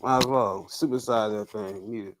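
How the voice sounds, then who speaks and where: A man's voice: fairly low pitch, steady tone, moderate pace, noisy background. A young man with a Baltimore accent, co-hosting a podcast in playful, laughing banter. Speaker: podcast co-host. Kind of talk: casual banter.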